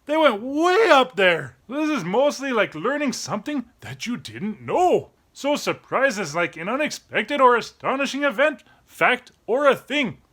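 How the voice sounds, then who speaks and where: A man's voice: very high voice, sing-song, unhurried, hardly any pauses, sharp tone, exaggerated voice. A man voicing a playful young male dog who hosts a children's lesson on feelings, acting out each emotion with sudden cries. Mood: playful, exaggerated. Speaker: children's show host. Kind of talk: kids' educational explainer.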